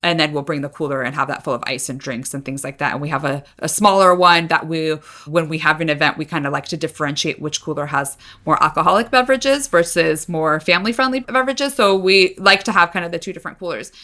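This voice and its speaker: A woman's voice: deep voice, fast talker, few pauses, sharp tone. A woman co-hosting a food podcast in easygoing casual chat, full of "like" fillers. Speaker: podcast co-host.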